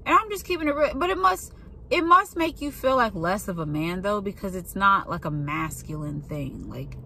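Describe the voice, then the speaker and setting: A woman's voice: mid-range voice, big pitch swings, normal speed, creaky, sharp tone, a little hiss or hum. A young woman who works in a pharmacy, ranting in a blunt, profane and sarcastic way in a casual monologue. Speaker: pharmacy worker venting.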